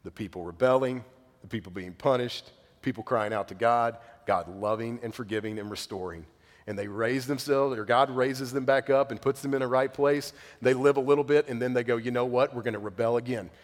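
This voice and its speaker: A man's voice: medium pitch, steady tone, brisk. A man in his thirties preaching a sermon earnestly, acting out the voices he quotes. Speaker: pastor. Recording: long hall reverb.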